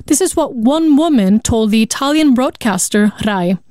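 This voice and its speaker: A female reporter narrating a scripted radio news package. She reads in a clear, even voice that sits a little high. The recording is dry and close. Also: normal speed, no room sound.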